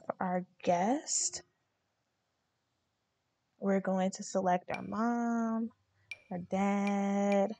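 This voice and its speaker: A woman's voice: mid-range voice, creaky, warm tone, slight background noise. A young woman hosting a let's play, narrating her game in a chatty, slangy way. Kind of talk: casual game commentary.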